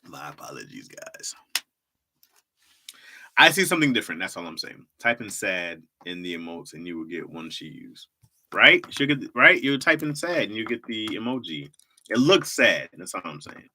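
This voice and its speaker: A man's voice: on the low side, big pitch swings, normal speed, sharp tone. A young man hosting a casual livestream, bantering with chat and laughing often. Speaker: livestream host.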